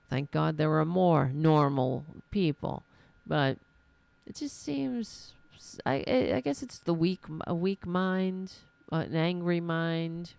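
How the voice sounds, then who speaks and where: A woman's voice: sits low, creaky, a little mellow, dry recording. A woman from New York with a New York accent, hosting a solo political podcast and ranting in a frustrated, self-deprecating way. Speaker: podcast host.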